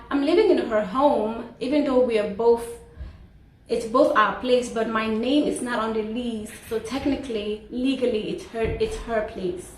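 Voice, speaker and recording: A woman's voice: fairly high pitch, normal speed, darkish tone. A woman vlogger candidly telling a personal story about a friend, emphatic and faith-filled. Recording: roomy echo, distant mic.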